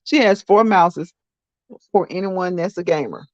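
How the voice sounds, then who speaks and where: A woman's voice: fairly low pitch, measured pace, dry recording. A woman hosting a casual livestream, chatting to her viewers, laughing often and repeating herself. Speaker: livestream host. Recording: dull, dry lo-fi sound.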